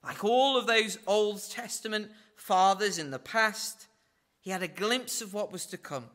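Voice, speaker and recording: A man moves through the Bible verse by verse at a measured pace, his tone fairly bright. He acts out the quoted lines with big pitch swings, dropping in wry asides along the way.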